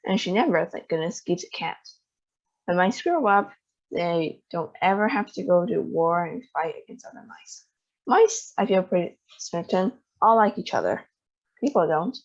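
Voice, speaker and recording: A woman reading a children's novel aloud in an expressive storytelling manner. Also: lowish voice, normal speed. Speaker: storybook reader. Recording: dull lo-fi sound.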